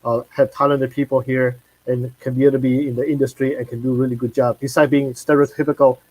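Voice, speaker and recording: Livestream host man, halting delivery, mid pitch, dry sound over a video call. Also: level tone, a little mellow, no echo, rough recording. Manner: halting, searching for words. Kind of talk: livestream interview.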